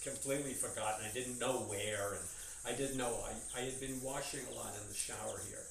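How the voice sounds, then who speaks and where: A man's voice: medium pitch, fairly even intonation, a little fast, gravelly. Blunt older man with a nasal voice, far off. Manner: blunt, crude, rambling, jokey. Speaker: farm owner chatting on stream. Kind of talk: casual chat. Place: barn on a farm. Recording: echoey barn, picked up from far off, with noise.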